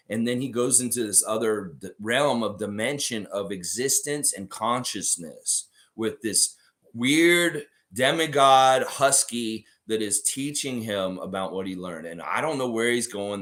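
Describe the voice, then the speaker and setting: A man chatting casually about his team and then spinning a goofy improvised story. He rambles and restarts with plenty of fillers, his voice a middle pitch that keeps bouncing animatedly. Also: fairly bright tone. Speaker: basketball fan vlogger.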